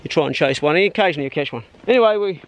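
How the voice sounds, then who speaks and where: Blunt, slightly high-voiced man outdoors on a farm. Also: animated, very fast, lo-fi sound, slight background noise. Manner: blunt, swears freely, talks to his dog. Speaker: hunting vlogger. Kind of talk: casual outdoor commentary.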